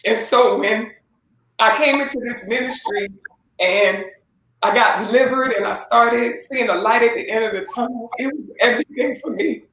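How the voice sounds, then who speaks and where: A woman giving a halting, emotional personal testimony as an interview guest, with many fillers and restarts. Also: fairly high pitch, fairly bright tone, slight background noise. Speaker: interview guest, gospel singer. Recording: echoey room with faint ambience.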